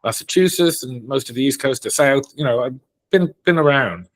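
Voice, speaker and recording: A man with a Dublin Irish accent, a career coach talking as a guest in a casual interview, telling stories in an animated way and often laughing. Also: medium pitch, brisk, no room sound. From Ireland.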